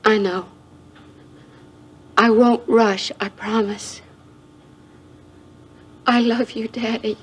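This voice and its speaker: A woman's voice: on the high side, steady tone, extremely slow, pauses often, breathy edge, heavily acted. An actress playing an earnest, determined young woman who is leaving her marriage to chase love, in 1980s TV soap acting. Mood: tender.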